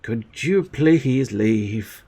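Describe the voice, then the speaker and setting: A man voicing a huge, sleepy, grumpy male cat-like creature who grumbles low and quiet. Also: animated, extremely slow, gravelly, breathy edge, full character voice. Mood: annoyed.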